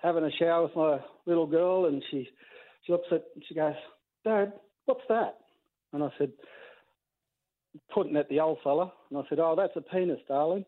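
Laid-back dad on a phone line. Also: male voice, fairly high pitch, fairly even intonation, brisk. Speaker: caller. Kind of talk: casual phone-in story.

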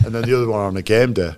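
A male coach telling stories in an interview, in a measured, anecdotal way with frequent restarts. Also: mid-range voice, darkish tone. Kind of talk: interview storytelling.

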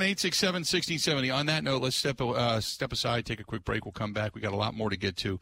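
A man hosting a sports talk radio show, chatting casually in an excitable way and repeating his catchphrases. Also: mid-range voice, brisk, husky.

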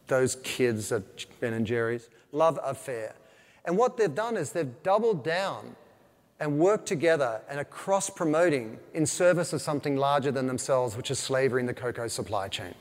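A man, a veteran marketer, giving an animated business talk to a live audience, telling stories with quoted asides. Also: fairly high pitch. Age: older. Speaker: keynote speaker on marketing. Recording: long hall reverb.

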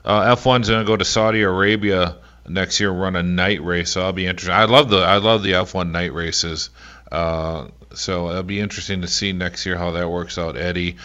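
A man's voice: low voice, steady tone, normal speed, bright, forceful tone, dull audio. A man hosting a sports radio show, talking casually with many fillers.

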